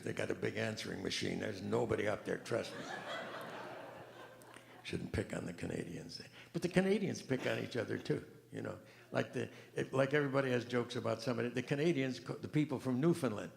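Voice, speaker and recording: A man doing rambling stand-up comedy with a deadpan delivery, recorded live on stage. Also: fairly low pitch, vocal fry. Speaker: comedian and pianist. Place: large event hall on stage. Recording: echoey hall, live stage mic.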